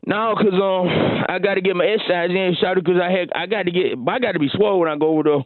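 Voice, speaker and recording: A man's voice: high voice, fairly even intonation, fast, no echo, phone-quality sound, lightly acted. A man doing breathless slangy gym bro. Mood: excuse-making. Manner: slangy, stumbling, rambling. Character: swaggering young man skipping work for the gym.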